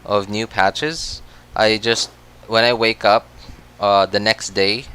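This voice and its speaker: A man's voice: lowish voice, little pitch movement, takes it slowly, pushed and bright, slight background noise. A man chatting casually on a game livestream, rambling with many restarts and frequent laughs. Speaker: game streamer.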